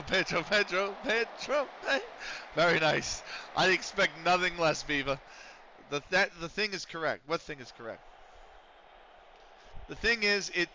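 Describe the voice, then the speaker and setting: A man's voice: on the high side, sharp tone. A young man from Pennsylvania, rambling and swearing through a casual gaming stream. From Pennsylvania, USA. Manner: rambling, profane, ranting. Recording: dull lo-fi stream audio with faint noise.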